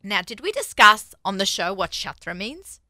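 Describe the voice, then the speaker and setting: A woman's voice: mid-range voice, very animated, moderate pace, pushed and bright, no echo. A woman hosting a radio talk show in a studio, chatty and upbeat, laughing often. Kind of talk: casual studio chat.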